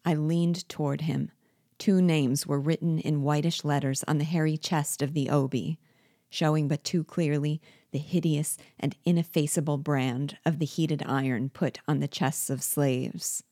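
A woman reading a novel aloud in a measured, deliberate manner. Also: low-pitched, steady tone, warm tone, no room sound, clean studio sound. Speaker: book reader.

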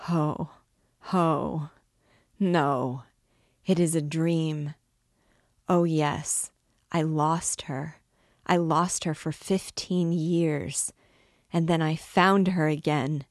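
A woman's voice: sits low, fairly even intonation, slow pace, darkish tone, dry recording, studio quality. A woman doing a half-mad, doting older mother. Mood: wild. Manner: tender, gushing, rising to frantic. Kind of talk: dramatic reading of a novel.

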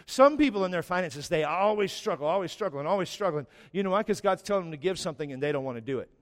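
A middle-aged male pastor preaching a sermon in a church, telling stories with rising emphasis. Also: a little high. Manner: animated storytelling with rising emphasis. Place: church sanctuary. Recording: long church reverb.

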